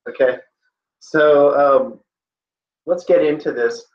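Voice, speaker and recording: Giving a lecture in a classroom, a man keeps joking with his students and tossing in playful asides. He speaks at a moderate pace in a mid-range voice, captured in dull, roomy audio.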